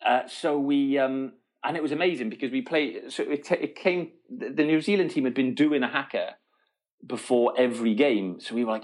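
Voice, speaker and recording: A middle-aged man tells an animated story as a guest in a relaxed interview, speaking at medium pitch and normal speed. He laughs often and keeps restarting his sentences as the casual storytelling runs on.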